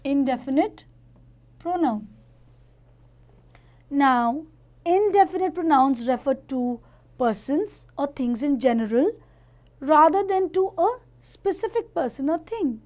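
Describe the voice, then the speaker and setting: A woman with a high voice teaches grammar to children. She moves at an unhurried pace and explains each point with care, the way a patient classroom teacher does. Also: lively intonation, a little mellow. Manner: slow, careful explaining to children.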